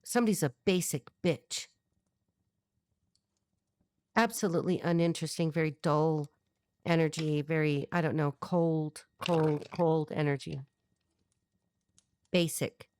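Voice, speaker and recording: A middle-aged woman with a low voice gives a tarot reading, talking bluntly and thinking aloud with lots of restarts. She is recorded close and dry, with little room sound. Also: steady tone, measured pace, long pauses, a little mellow, no room sound. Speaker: tarot reader. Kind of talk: channeled tarot reading to camera.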